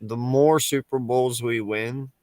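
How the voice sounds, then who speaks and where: A man's voice: mid-range voice, fairly even intonation, slow pace, darkish tone, no echo. A man in casual, profane sports talk, emphatic and full of restarts.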